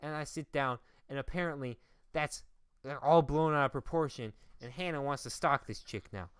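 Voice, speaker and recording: A man's voice: a little high, normal speed, a bit bright, clear, resonant tone, no echo, clean studio sound. A young man from Minnesota, casually rambling through a story on a podcast and mocking himself as he goes. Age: young adult. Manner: rambling storyteller, self-mocking, trails off into filler syllables. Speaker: podcast co-host. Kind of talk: casual chat.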